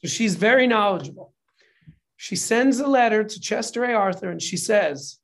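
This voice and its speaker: A speaker in a casual conversation, telling a history story in an animated, profane way and getting emotional at times. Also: medium pitch, normal speed. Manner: gets emotional while telling it. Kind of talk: casual chat.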